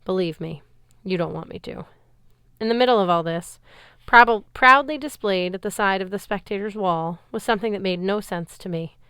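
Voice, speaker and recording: Smooth-voiced woman reading a novel aloud. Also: medium pitch, normal speed, no echo. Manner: expressive first-person storytelling. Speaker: reader.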